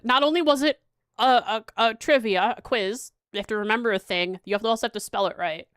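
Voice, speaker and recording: A young woman livestreaming as she plays a quiz, chatting casually and thinking aloud with halting restarts. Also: fairly high pitch, a bit bright, smooth, dry recording. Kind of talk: casual livestream chat while playing a quiz.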